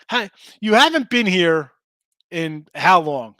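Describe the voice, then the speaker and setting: Fired-up male betting host, bright voice pitched a bit high, chatting with viewers. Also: slow, dry recording. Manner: excitable, swears, talks to chat viewers by name. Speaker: sports betting show host. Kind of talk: casual betting picks talk.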